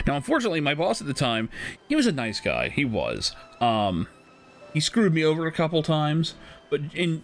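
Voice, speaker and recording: A man's voice: mid-range voice, fairly bright tone. A man streaming a game, casually telling a story with frequent laughs and swearing. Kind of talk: casual storytelling while gaming.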